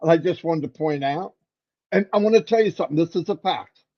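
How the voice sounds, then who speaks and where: Guy cohosting a live stream, kinda high voice, teasing folks, muffled call audio. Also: brisk. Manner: playful teasing, animated. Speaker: livestream co-host. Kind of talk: casual livestream chat.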